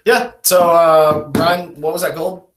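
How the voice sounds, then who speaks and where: A man's voice: on the high side, flat delivery, slow, a bit bright. A man running a tabletop game as dungeon master, narrating in a casual, chatty way. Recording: roomy echo.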